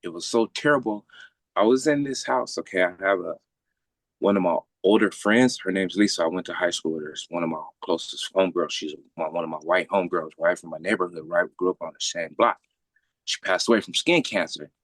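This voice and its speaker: Speaking briskly in a low-pitched voice, a man recounts a long personal story casually, with no echo on the recording. His manner is animated, full of free swearing and acted-out quoted voices.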